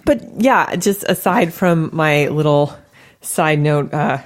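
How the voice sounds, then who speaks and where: A woman hosting a podcast in a casual chat, animated and playful, with frequent swearing. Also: sits low, takes it slowly, no echo, studio quality. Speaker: podcast host.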